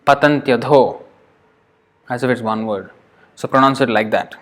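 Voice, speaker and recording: Guy teaching verse pronunciation, patient, kinda halting, repeats words slow. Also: medium pitch, fairly bright tone. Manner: halting, with fillers and self-corrections. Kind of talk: classroom lesson.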